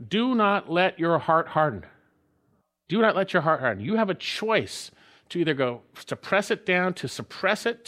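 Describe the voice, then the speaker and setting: A man delivers an earnest sermon from the pulpit, his voice sitting a little high. He slows down to read scripture and climbs higher when he drives a point home. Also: fairly bright tone. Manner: earnest preaching, rises in pitch for emphasis, slows on scripture. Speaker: pastor.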